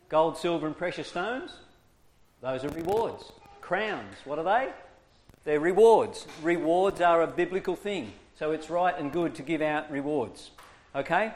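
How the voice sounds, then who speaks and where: A man leading a training class for church teachers, coaxing his listeners along and checking in with them often. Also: on the high side. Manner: lively, coaxing, keeps checking in with "okay?".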